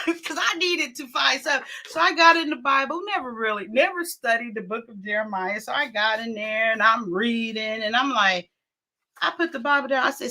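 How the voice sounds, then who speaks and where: Woman host, middle-aged, high bright voice, chatty storyteller who laughs a lot. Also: moderate pace. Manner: animated, laughs often, acts out quotes. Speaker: talk show host. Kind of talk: casual storytelling.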